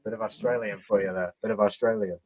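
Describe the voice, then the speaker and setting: A man's voice: lowish voice, steady tone, quick pace, darkish tone, no room sound, lo-fi sound. A British man hosting a casual livestream over beers, bantering with his co-hosts and greeting people in the chat. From Britain. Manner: banters, reads out chat, jokes with mock accents. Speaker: livestream host.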